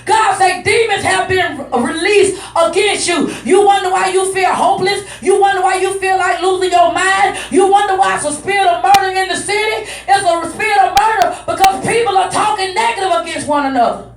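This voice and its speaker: A woman preacher delivering a loud, emphatic sermon that repeats its points, heard through an echoey hall. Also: extremely high pitch, moderate pace, few pauses. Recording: echoey hall, mic at a distance.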